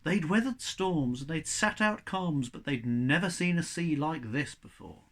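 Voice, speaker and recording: A teacher reads a children's storybook aloud in a lively, chatty way, his voice swinging up and down through the sentences. The tone is bright and forward, a little higher than most men's. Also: measured pace.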